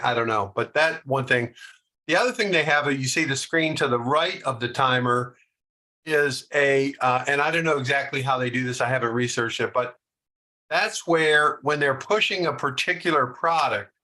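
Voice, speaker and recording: A man's voice: mid-range voice, bright, forceful tone. A man presenting a webinar over a video call, talking casually with frequent hesitations. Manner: casual, hesitant, many fillers. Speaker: workshop presenter. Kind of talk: webinar commentary.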